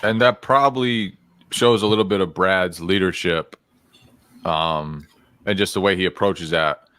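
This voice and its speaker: A man co-hosting a casual sports podcast, giving measured, thoughtful analysis. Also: sits low, a bit bright. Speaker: podcast co-host and beat reporter.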